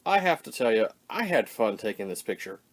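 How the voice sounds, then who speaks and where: A man's voice: lowish voice, sing-song, a little fast. Older guy reviewing toys, chatty, rambling, voice goes up and down a lot. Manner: rambling, self-deprecating, chatty. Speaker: toy reviewer. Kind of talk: casual vlog review.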